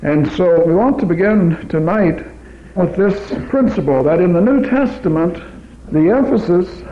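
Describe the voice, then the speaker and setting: A man preaching a teaching sermon in a church, in a measured way, quoting scripture in old King James wording, on an old tape recording. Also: fairly high pitch. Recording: tinny phone-like old tape recording, faint hiss.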